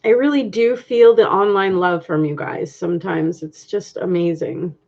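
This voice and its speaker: Decorating indoors at home, this vlogger chats casually on a live stream, reads the chat, thanks viewers and laughs a lot. She speaks at a moderate pace in a lowish, darkish voice with vocal fry, and the webcam audio is dull and lo-fi.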